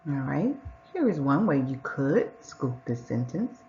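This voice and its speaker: A woman teacher giving a patient reading lesson to young children, sounding out words and reading sentences slowly and clearly. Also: very deep voice, big pitch swings, a little mellow, lo-fi sound, a little hiss or hum.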